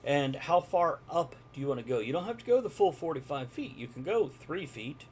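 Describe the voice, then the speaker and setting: A man's voice: on the high side, animated, a little fast, darkish tone, a little hiss or hum. A man narrating a live-streamed tabletop game as game master, chatty and jokey, chatting with viewers in between.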